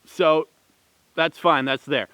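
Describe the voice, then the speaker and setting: A man's voice: fairly high pitch, fairly even intonation, takes it slowly, bright, forceful tone, clear, resonant tone, dry recording. A man giving a rambling, heated opinion commentary with many fillers and restarts. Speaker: vlogger.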